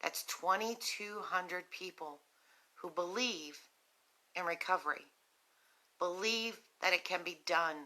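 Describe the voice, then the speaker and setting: A woman with a West Virginian accent hosting a live stream for a recovery nonprofit, talking slowly and gently with many ums while sick with a cough and a cough drop in her mouth. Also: on the low side. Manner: slow, gentle and compassionate, with frequent ums. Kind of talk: earnest live-stream talk to viewers.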